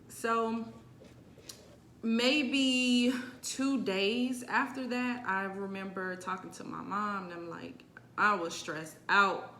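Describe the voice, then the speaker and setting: A young woman with a bright, forceful voice tells her own story to camera in a casual vlog. She is animated and expressive, dropping low for asides and rising for emphasis, over a faint rumble in the background. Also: slow pace. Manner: animated, expressive, swings between quiet and emphatic. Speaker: vlogger sharing a personal testimony.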